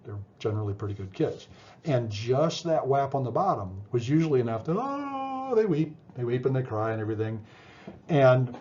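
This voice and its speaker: A man's voice: mid-range voice, brisk, darkish tone, slight background noise. A middle-aged man giving a casual psychology lecture, talking conversationally with fillers, restarts and frequent "right?" checks. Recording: dull lo-fi lecture recording.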